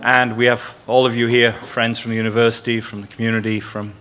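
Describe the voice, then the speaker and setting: An older man with a Yorkshire accent giving halting welcoming remarks at an event, often repeating words. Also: medium pitch, level tone, pushed and bright, smooth. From Yorkshire, England. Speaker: guest speaker.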